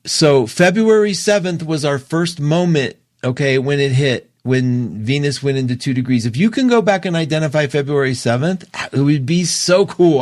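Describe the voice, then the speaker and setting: A man hosting an astrology show, talking casually and emotionally, opinionated and quick to laugh. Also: medium pitch, no echo, clean studio sound. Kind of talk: casual livestream talk.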